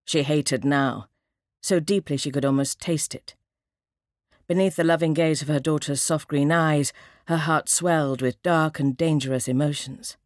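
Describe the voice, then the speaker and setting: A woman narrating an audiobook in a measured, dramatic reading. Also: deep voice, fairly even intonation, no room sound, studio quality.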